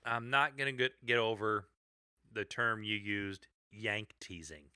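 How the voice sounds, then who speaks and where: A man's voice: lowish voice, a little slow, bright, forceful tone, clean tone, no echo, clean studio sound. A man co-hosting a podcast, chatting casually in a giggly, teasing way. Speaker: podcast co-host.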